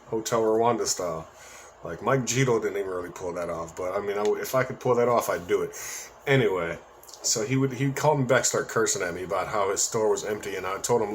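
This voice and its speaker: A man's voice: lowish voice, slight background noise. A man telling a story from his own life in a casual, rambling monologue, with profanity and joking asides.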